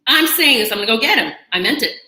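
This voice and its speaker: Animated woman telling a story in an echoey room. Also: medium pitch, very fast. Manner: animated, chatty, dramatic retelling with asides and laughs. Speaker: channel host. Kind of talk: personal storytelling to camera.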